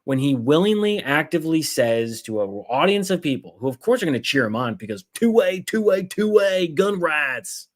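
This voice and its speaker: A man's voice: on the high side, very animated, normal speed, hardly any pauses. Heated, fiery man ranting on a livestream. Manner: heated, swearing, sarcastic mimicry. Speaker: political commentary host. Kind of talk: angry livestream rant.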